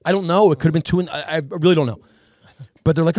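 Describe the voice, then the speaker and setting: A man's voice: fairly high pitch, fairly quick, no echo, clean studio sound. A man co-hosting a podcast, telling a long story in casual chat and acting out the other people in it with big voice swings. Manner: animated storyteller, acts out voices in quotes. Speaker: podcast co-host.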